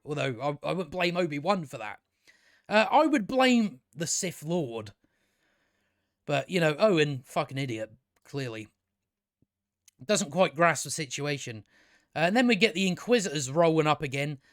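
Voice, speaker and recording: A man's voice: a little high, lively intonation, moderate pace, long pauses. A man giving a rambling, sweary, mocking commentary while reviewing a show. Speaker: video reviewer. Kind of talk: casual commentary over clips.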